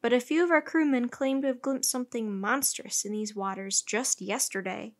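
A woman reading a storybook plays an eager male scientist aboard a ship. He explains discoveries with enthusiasm. The voice sits a little above her usual reading pitch. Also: normal speed, natural voice. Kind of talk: storybook read-aloud.

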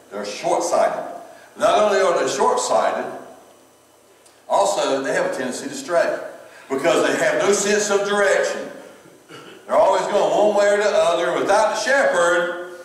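Man, Southern US accent, middle-aged pastor, folksy humorous sermon, far from the mic, long church reverb. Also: fairly high pitch. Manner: folksy, laughs often, repeats words. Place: church sanctuary. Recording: echoey hall from far off.

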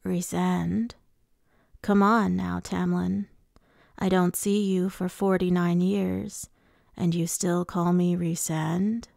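A woman's voice: lowish voice, flat delivery, slow pace, creaky, a little mellow, no room sound, clean studio sound. Rhysand, a woman reading a purring fae lord. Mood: taunting. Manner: purring, taunting, silky. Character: suave menacing male fae lord.

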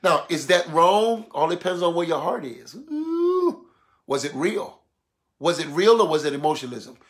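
A man preaching a sermon, animated and colloquial, acting out voices to make his points. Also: on the high side, moderate pace. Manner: animated, mimics voices, laughs.

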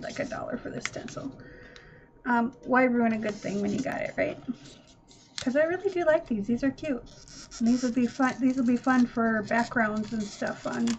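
A woman chatting in a rambling, self-deprecating way while working on mixed media art. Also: on the high side. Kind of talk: rambling casual craft vlog. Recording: muffled lo-fi with faint room hiss.

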